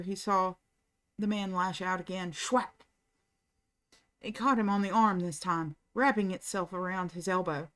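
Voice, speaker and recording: A woman reads a novel aloud, narrating at a calm, steady pace with the even, clear delivery of a bedtime reading. Her voice sits in a middle range, neither high nor low. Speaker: channel host reading aloud.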